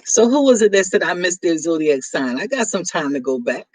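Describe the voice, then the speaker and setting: A woman's voice: on the low side, sing-song, fairly quick, darkish tone, dry recording. A chatty, teasing middle-aged woman hosting a live stream and reading viewer comments aloud. Her close, dry voice sits right against the mic with no room sound, and she laughs often between remarks.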